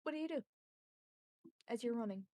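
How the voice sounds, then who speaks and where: A woman narrating as game master of a tabletop game, describing scenes in an unhurried way with many fillers. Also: a little high, animated, dark tone.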